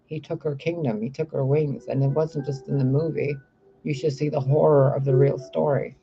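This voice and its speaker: A man with a higher, gravelly voice rambling on in an excitable, profane monologue. The recording is a bit muffled, and faint music plays underneath. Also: moderate pace. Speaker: spiritual reader.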